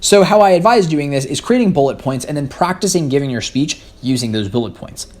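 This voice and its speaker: A man's voice: a little high, expressive, fairly quick, darkish tone. Articulate teenage boy giving speaking tips. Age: teens. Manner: articulate, structured, lecture-like. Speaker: guest student speaker. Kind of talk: explaining public speaking tips.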